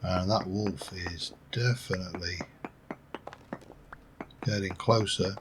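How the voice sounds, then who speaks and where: A man's voice: sits low, steady tone, slow, noisy background. A middle-aged man giving rambling, musing let's play commentary with dry asides. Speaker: gameplay commentator.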